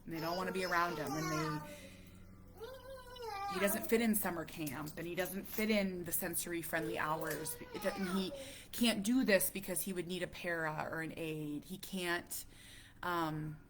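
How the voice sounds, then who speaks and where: A woman around forty talking to camera as a parent vlogger, halting and emotional, dropping to a near whisper at heavy moments. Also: fairly low pitch, background noise. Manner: halting, emotional, many restarts. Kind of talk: casual talk to camera.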